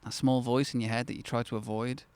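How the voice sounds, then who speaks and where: A man's voice: mid-range voice, flat delivery, quick pace, darkish tone, clear, resonant tone, no echo. Candid man telling a personal story. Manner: candid, conversational, reflective with bursts of enthusiasm. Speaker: channel host. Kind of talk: casual personal storytelling to camera.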